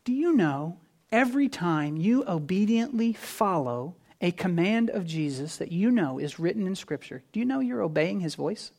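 A man preaching a sermon in an earnest way, building to emphatic peaks and then dropping low and quiet. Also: lively intonation, moderate pace, vocal fry. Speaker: pastor.

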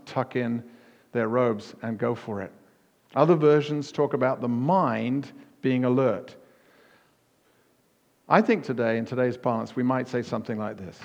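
Man, pastor, sermon, emphatic repetition, mid-pitched voice, long hall reverb. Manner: emphatic, punchy repetition, rising to near-shouts on key words. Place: church hall.

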